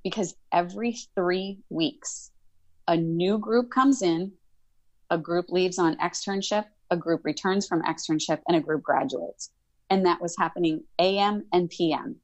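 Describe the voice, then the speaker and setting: A woman's voice: fairly low pitch, unhurried, no room sound. A middle-aged woman, a college instructor, telling her story in a casual interview and acting out past conversations. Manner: animated, acts out past dialogue in quoted voices.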